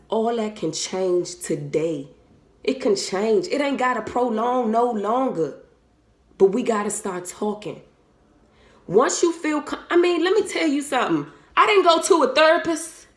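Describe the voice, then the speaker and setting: A young woman talking candidly and bluntly to her viewers, swearing freely and speaking from the heart. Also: medium pitch. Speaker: vlogger. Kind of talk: candid motivational talk to camera. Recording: roomy echo.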